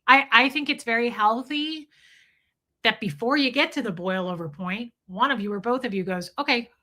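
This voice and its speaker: Candid woman streamer with a bright, forceful voice, chatting bluntly to viewers. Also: on the high side, normal speed. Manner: candid and blunt, swears freely, animated. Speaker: livestream host. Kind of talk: casual livestream chat answering viewers.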